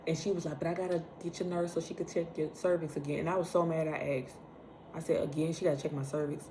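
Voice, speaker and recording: A young woman tells a personal story in a low, full voice. She talks casually and with energy, acting out the lines she quotes. A faint hum sits behind her. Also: quick pace. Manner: animated, acts out quoted lines, laughs while telling. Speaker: vlogger.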